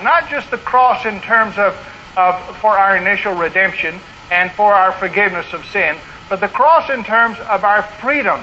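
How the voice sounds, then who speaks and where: A man with a high, bright voice preaches an earnest sermon, pressing his points home through repeated phrases. The recording is dull and lo-fi, with a faint hiss behind him. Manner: earnest preaching, rising to emphatic repetition. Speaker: pastor.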